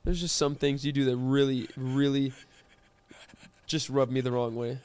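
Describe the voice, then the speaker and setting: A man's voice: mid-range voice, moderate pace, clear, resonant tone. A young man co-hosting a podcast, telling stories in casual banter and acting out what people said. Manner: animated storyteller, acts out voices. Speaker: podcast co-host.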